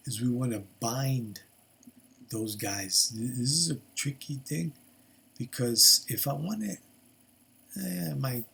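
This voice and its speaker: An older man tutors programming in a casual screen-recorded lesson, working at his computer and thinking aloud with lots of fillers and restarts. His mid-range voice has vocal fry, a sharp tone, and a slightly rough quality.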